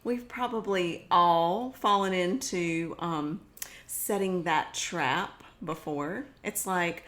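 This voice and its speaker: A woman co-hosting a podcast who chats casually and acts out quoted lines expressively. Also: slow pace. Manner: expressive, acts out quotes with big pitch swings. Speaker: podcast co-host. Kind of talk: casual conversational chat.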